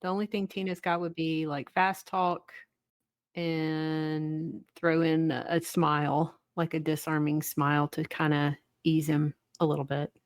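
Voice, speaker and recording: A woman with a low, flat voice plays a tabletop game. She thinks aloud slowly and hesitantly as she weighs her options. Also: dry recording, clean studio sound. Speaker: player. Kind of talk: casual tabletop game chat.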